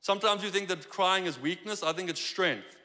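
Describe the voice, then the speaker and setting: A high, bright male voice delivers a lively sermon in a church sanctuary. His talk is conversational and animated, and he slips into little voices for the people he quotes. Long reverb rings through the hall. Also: brisk. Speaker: pastor.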